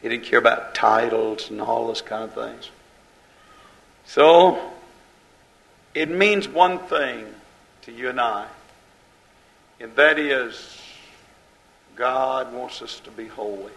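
A preacher with a rough, gravelly voice delivers a fiery sermon in a hammering, repetitive cadence. His voice sits at an ordinary pitch for a man. He swings from loud, driving lines to low, hushed asides. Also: takes it slowly, long pauses, rough recording.

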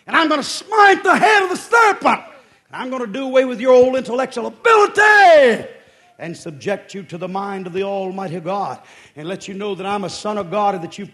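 A male preacher delivering a fervent sermon, shouting and drawing out his exclamations. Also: very high voice.

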